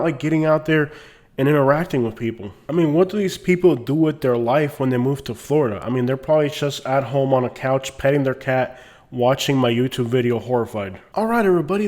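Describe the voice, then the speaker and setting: A man's voice: mid-range voice, a little mellow. Rambling, mocking male vlogger. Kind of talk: casual comedic rant.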